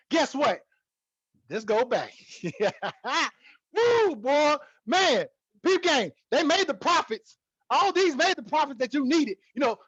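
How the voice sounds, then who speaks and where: Excitable high-voiced man hyping trading. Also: slightly rough, no room sound, highs cut off. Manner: excitable, repetitive, hypes the viewer. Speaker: trading educator. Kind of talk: casual teaching talk to camera.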